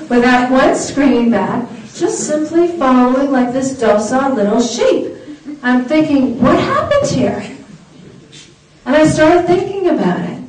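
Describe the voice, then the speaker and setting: A woman's voice: high-pitched, recorded from a distance. Woman lecturing in an echoey hall. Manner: animated, engaging, asks the audience. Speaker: speaker. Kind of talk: lecture to an audience.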